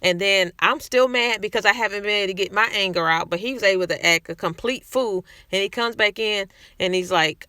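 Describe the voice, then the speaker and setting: Woman vlogging, candid and chatty, bright voice, dry sound. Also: medium pitch, brisk, few pauses, no room sound. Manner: candid, conversational, frequent restarts. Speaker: vlogger sharing personal experience. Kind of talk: casual talk to camera.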